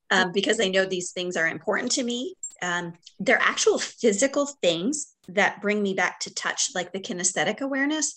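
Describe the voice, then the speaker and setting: A middle-aged woman talks as a podcast guest in casual conversation. Her voice sits at a moderate pitch. She is reflective and warm, pausing on fillers and breaking into light laughter.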